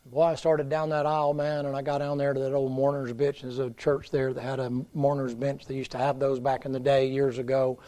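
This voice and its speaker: A middle-aged man preaching a revival sermon, folksy and storytelling, swinging from loud to hushed. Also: mid-range voice, monotone, brisk, few pauses. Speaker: pastor.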